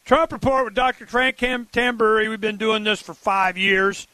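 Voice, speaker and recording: A man with a high, sharp voice talks loosely on a political radio show. He rambles and stalls, restarting his sentences, and the sound is dry and close. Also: level tone, no room sound. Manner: rambling, halting, with many restarts. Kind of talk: casual political talk radio chat.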